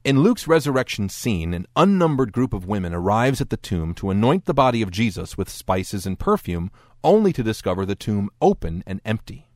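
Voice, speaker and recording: Male lecture narrator, low and expressive, wry delivery, dry close mic. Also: a little fast, no room sound. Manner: dry, wry explanatory tone with lively quoted voices. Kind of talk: scripted narration.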